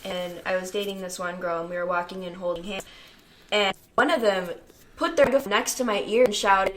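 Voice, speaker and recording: A woman's voice: mid-range voice, a little fast, background noise. A young adult woman co-hosting a casual talk podcast, speaking frankly and chattily, with lots of "like" and "I mean". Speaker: co-host.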